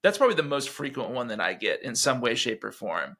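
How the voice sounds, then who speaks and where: Halting, bright-voiced man. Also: medium pitch, sing-song, vocal fry. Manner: halting, restarts phrases often. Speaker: guest, author. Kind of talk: casual interview chat.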